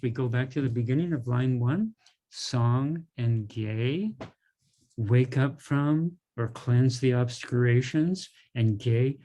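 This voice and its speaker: A middle-aged man teaching a language class in a relaxed, informal way, going over words slowly and often checking in with "right?" and "okay". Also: mid-range voice.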